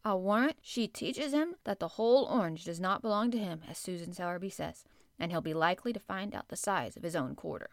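A woman's voice: lowish voice, expressive, brisk, no room sound. A woman voicing a stern older housekeeper, blunt and scolding. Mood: grumbling.

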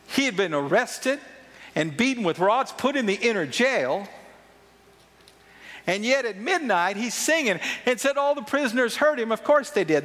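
A man with a high voice delivers a sermon from the pulpit. He presses his points hard and repeats phrases for weight. His words ring out with the long reverb of a large church hall. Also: fairly bright tone. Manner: emphatic preaching with repeated phrases. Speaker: pastor.

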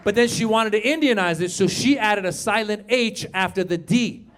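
High-voiced man doing stand-up. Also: normal speed. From Iran. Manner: animated, shouting punchlines, acting out characters. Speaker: stand-up comedian. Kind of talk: stand-up comedy set. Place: comedy club stage with live audience. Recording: live club recording with audience.

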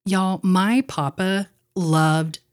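Young woman, low-pitched, podcast co-host, casual storytelling, chatty, laughs often, lots of fillers. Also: fairly even intonation, very slow.

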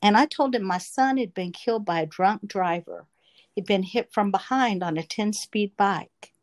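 A woman's voice: medium pitch, moderate pace. A woman telling a personal faith testimony in an earnest, emotional storytelling manner. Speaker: testimony speaker.

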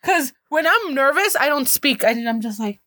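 A woman's voice: high-pitched, lively intonation, moderate pace, no echo, studio quality. A young woman co-hosting a podcast in casual, playful chat, laughing often and now and then doing a mock sports announcer. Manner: playful, giggly, breaks into mock announcer shouts. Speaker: podcast co-host.

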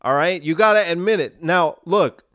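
A young man ranting alone on his podcast, his voice a little higher than most men's. He sounds combative and heated, lurching between loud outbursts and low, muttered asides. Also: normal speed. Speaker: podcast host. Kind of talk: ranting monologue.

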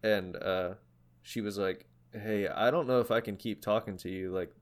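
A man's voice: lowish voice, fairly even intonation, moderate pace. A young man co-hosting a casual podcast, rambling with many fillers and restarts as he retells an interview. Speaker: podcast co-host. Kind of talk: casual chat about music.

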